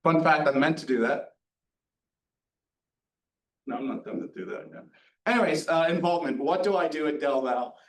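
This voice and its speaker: A man's voice: a little high, moderate pace, long pauses. A young man in his twenties giving a casual, chatty presentation with lots of ums and asides. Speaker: student presenter at a career night. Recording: echoey room, distant mic.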